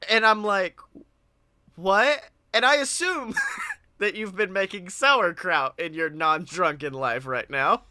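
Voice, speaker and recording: A podcast co-host with a bright, high male voice tells stories slowly in casual chat, acting out quotes and laughing often. The studio recording is clean, with no room sound.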